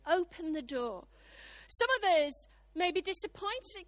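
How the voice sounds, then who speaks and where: A woman preacher with a British accent, high-pitched and bright, delivering a lively sermon. She is middle-aged and throws herself into the voices in her stories. The sound is close and dry. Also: measured pace, no echo. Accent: British English. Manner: animated, acts out voices of God and others.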